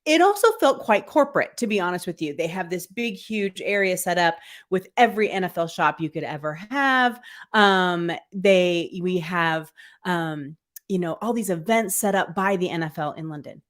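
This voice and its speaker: A woman's voice: fairly low pitch, animated, moderate pace. A woman co-hosting a casual live football podcast, upbeat and chatty, with plenty of fillers. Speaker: podcast co-host. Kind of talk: casual live-stream chat.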